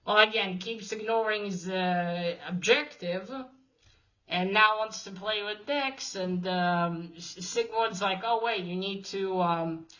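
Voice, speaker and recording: Woman, casual comic recap, slow-paced, rambling, swears freely, dull lo-fi audio. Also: mid-range voice, fairly bright tone. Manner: rambling, swears freely, many restarts and fillers. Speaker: comic review host.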